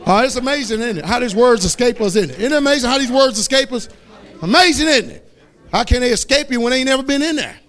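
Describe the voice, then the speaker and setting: Pastor guy preaching hard, high voice that jumps all over, slow shouted scripture. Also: animated. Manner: fiery preaching, shouts scripture slowly, asks the congregation questions. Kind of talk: sermon.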